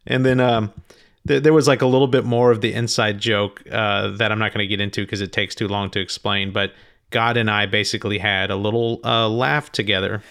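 Slow, halting reflective man. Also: lowish voice, flat delivery, a bit bright, smooth. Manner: halting, frequent restarts; slow, thoughtful delivery. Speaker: speaker recounting a spiritual experience. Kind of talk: reflective spoken monologue.

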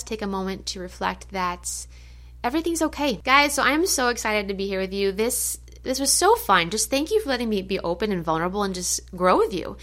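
A woman's voice: mid-range voice, fairly bright tone. A woman hosting a podcast, closing with effusive, affirming encouragement and a chatty story full of "like". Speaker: podcast host. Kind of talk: motivational podcast sign-off.

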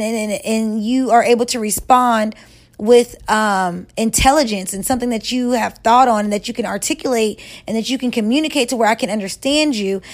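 A woman vlogger giving relationship advice in a blunt, profane, scolding rant, stretching words and jumping up in pitch for emphasis. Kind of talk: casual rant to camera.

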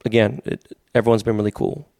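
A man's voice: lowish voice, level tone, vocal fry, a little mellow, no echo, clean studio sound. A man in his forties, a podcast guest, telling rambling stories full of fillers. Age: 40s. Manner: fast, rambling storytelling with many fillers. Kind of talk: casual podcast chat.

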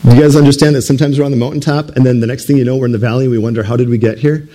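A man's voice: mid-range voice, level tone, racing, mellow, rough recording. A man preaching a casual sermon, with rhetorical questions to the congregation and jokes. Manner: conversational, with rhetorical questions and humor.

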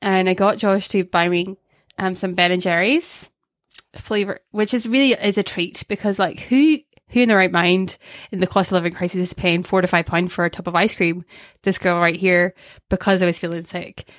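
A woman's voice: on the low side, steady tone, normal speed, no room sound, studio quality. A young woman, co-hosting a podcast and telling stories in casual, self-mocking chat. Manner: chatty storyteller, self-mocking. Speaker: podcast co-host.

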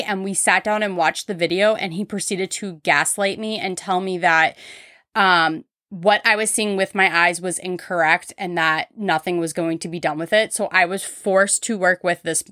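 Young woman podcaster, candid chatty storyteller, bright tone, dry studio sound. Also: lowish voice, no echo. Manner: candid, frequent "like" fillers. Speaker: podcast host. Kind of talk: casual storytelling.

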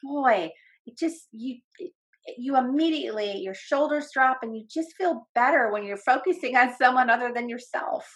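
Enthusiastic higher-pitched woman podcast host. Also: normal speed. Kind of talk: casual podcast chat.

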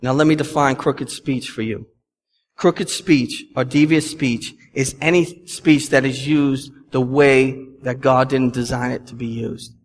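A man's voice: mid-range voice, steady tone, measured pace. A young adult male pastor preaching a sermon in a conversational, emphatic way, with asides to the congregation. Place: church sanctuary. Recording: long reverb from a church hall.

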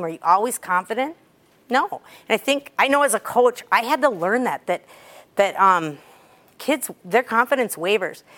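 A woman's voice: medium pitch, fairly bright tone. A woman in her fifties, a cheer coach, giving a chatty talk to a group of athletes and telling stories with sudden bursts of emphasis. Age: 50s.

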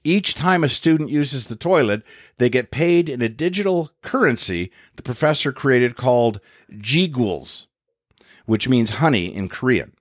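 A middle-aged man hosting a podcast, telling stories in a wry, profane, animated way. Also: mid-range voice, unhurried, no room sound. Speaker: podcast host and comedian. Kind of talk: casual storytelling chat.

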